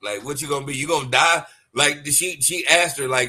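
A man co-hosting a podcast, chatting casually with profanity and animated storytelling full of stumbles and restarts. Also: fairly high pitch, brisk. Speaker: podcast co-host. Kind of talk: casual chat.

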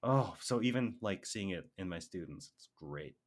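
Laughing, chatty young man, slightly low voice. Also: lively intonation, normal speed. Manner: laughs often, storytelling with many "like" fillers. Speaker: podcast co-host and music teacher. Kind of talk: casual chat.

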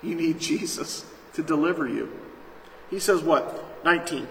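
Emphatic preaching pastor in an echoey hall. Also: male voice, on the high side, measured pace, vocal fry, fairly bright tone. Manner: emphatic, calls out to the congregation. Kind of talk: sermon. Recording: echoey hall, faint noise.

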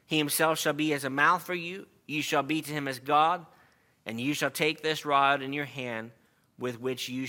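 A man's voice: fairly high pitch, bright, forceful tone. A man preaching an earnest sermon to a congregation, reading scripture aloud and stressing key words. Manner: earnest, reads scripture aloud, emphatic asides.

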